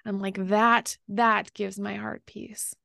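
Gentle, gravelly-voiced woman author. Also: medium pitch, flat delivery, takes it slowly, dry recording, clean studio sound. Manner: gentle, warm, laughs often, slips into soft near-whispers. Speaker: author and podcast host, guest. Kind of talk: reflective interview conversation.

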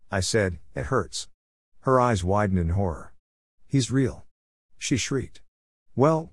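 A man reading a first-person story aloud in a plain, steady storytelling delivery. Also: fairly low pitch, dry recording, clean studio sound.

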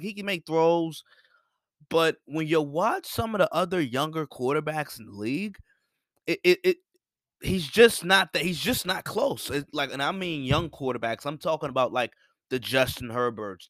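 A man's voice: a little high, sharp tone, no echo, clean studio sound. A young man giving a casual, rambling sports opinion monologue, repeating himself for emphasis. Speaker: sports commentator.

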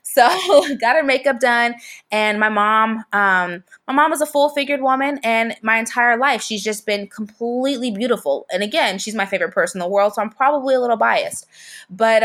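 A woman's voice: on the high side, fairly bright tone. A young woman photographer telling a personal story in casual conversation, chatty, with lots of fillers and restarts. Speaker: photographer and podcast guest.

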